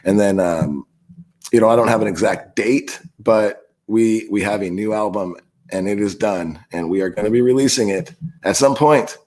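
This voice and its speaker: Podcast guest, man in his late 30s, lowish voice, easygoing and laughing as he tells stories. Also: normal speed, darkish tone. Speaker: guest musician. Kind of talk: casual chat.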